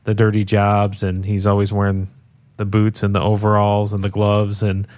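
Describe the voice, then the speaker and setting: Male co-host, lower voice, relaxed rambling chat. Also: normal speed. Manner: laid-back, rambling with many restarts. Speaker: podcast co-host. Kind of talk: casual chat.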